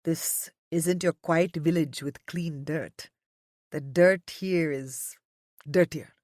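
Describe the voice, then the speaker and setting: A woman's voice: low-pitched, slow, darkish tone, no room sound, studio quality, voice pushed down. A woman voicing a stern, commanding man. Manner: curt, clipped orders. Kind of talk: audiobook character voice.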